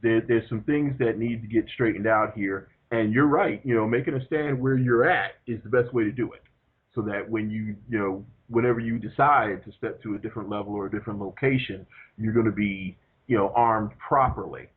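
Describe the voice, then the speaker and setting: Husky male coach on a phone line. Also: fairly low pitch, fairly quick. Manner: reassuring, easygoing, hesitant fillers. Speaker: career coach. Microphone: telephone.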